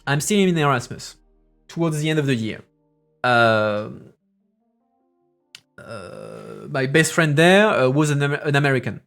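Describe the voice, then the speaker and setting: A man's voice: a little high, lively intonation, unhurried, long pauses, a bit bright, faint music behind. A man in his thirties with a French accent, telling stories on a casual stream in a rambling way with many restarts. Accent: French, with mixed English accents. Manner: rambling, with frequent restarts and filler sounds. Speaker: streamer and parliamentary assistant.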